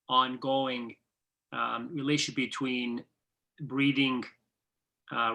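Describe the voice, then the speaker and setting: A man with a very bright, sharp-edged voice asks his question slowly and haltingly. He gropes for words as he speaks. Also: mid-range voice. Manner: hesitant, many fillers and restarts while asking a question. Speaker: student.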